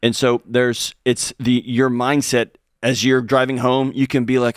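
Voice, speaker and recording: Man, radio co-host, lively, acts out quotes, dry studio sound. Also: mid-range voice, unhurried, smooth, no echo. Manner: animated, acts out quotes in different voices. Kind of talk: call-in advice talk.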